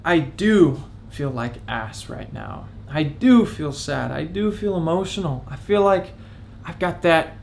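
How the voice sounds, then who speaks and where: A man's voice: a little high, lively intonation, unhurried, vocal fry, hardly any pauses, a little hiss or hum. A young man in his twenties opening up in a confessional vlog, candid and reflective, talking as if close to tears. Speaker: vlogger.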